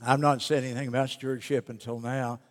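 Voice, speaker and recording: A man preaching a sermon as pastor, emphatic, slowing down and dropping soft on key phrases. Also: medium pitch, flat delivery. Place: church sanctuary. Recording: long reverb of a church hall.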